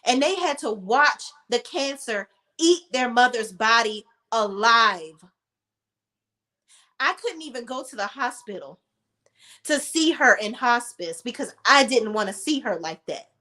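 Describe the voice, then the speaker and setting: Blunt, high-voiced woman recapping reality TV. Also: lively intonation, measured pace, bright, forceful tone. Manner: blunt, heated and profane; emotional while telling a personal story.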